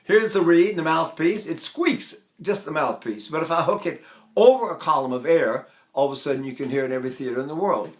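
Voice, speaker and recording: Older male tenor teacher, conversational lecturer, a touch high-pitched, rambling with fillers. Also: expressive, quick pace. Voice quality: trained tenor voice. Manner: conversational, many fillers, breaks into full operatic singing. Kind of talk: lecture with sung demonstrations.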